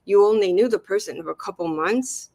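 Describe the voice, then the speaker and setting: A woman's voice: medium pitch, a little fast, darkish tone, dry recording. A woman talking on a livestream in a casual chat, rambling and interrupting herself as she gets heated. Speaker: guest on a livestream talk.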